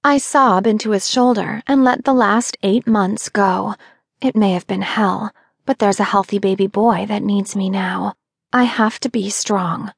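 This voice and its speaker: A woman reading a first-person audiobook narration in a steady, intimate way. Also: medium pitch, unhurried, creaky, husky, no echo, studio quality.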